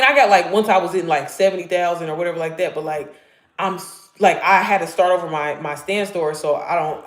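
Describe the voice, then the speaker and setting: Talking faith and digital marketing on a live stream, this thirtysomething woman keeps things casual and candid, swearing and laughing. Her pitch jumps high when she's excited, and the sound is reverberant.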